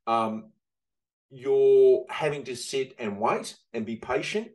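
A man's voice: mid-range voice, takes it slowly, a little mellow, low-quality recording. A man hosting a casual interview, rambling along with plenty of fillers. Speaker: host, property investment advisor.

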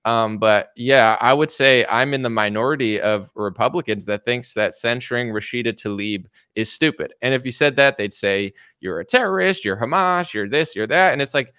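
A man with a bright, forceful voice talks politics in a casual, sarcastic way. He slips into mocking impressions now and then. The sound is close and dry. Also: medium pitch, clear, resonant tone, no echo. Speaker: podcast host.

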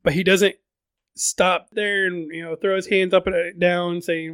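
A man's voice: sits high, little pitch movement, unhurried, fairly bright tone, smooth, dry recording. A man casually recapping a fantasy book on his podcast, chatty, often repeating words and adding fillers.

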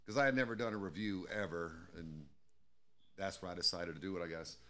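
Man, podcast host, lower voice, bright tone, casual, swears and laughs a lot. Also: fairly quick. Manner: laid-back, swears freely, laughs often. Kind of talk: casual chat.

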